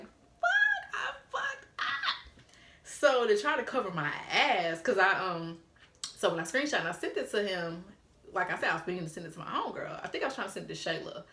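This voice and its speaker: A woman in her twenties telling a story to camera, animated and profane, laughing as she acts out old text messages. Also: fairly low pitch, echoey room, a little hiss or hum. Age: 20s. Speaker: storytime vlogger.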